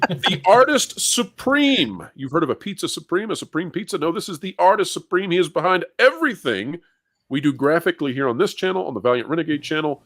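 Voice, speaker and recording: Playful upbeat guy hosting a live panel, lively swooping voice, dry close sound. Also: on the high side, quick pace, dry recording. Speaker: host.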